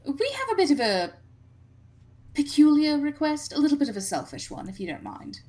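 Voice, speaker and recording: A woman's voice: high-pitched, wildly swooping pitch, normal speed, warm tone. A woman voicing a polite, refined female adventurer who speaks formally in a tabletop game.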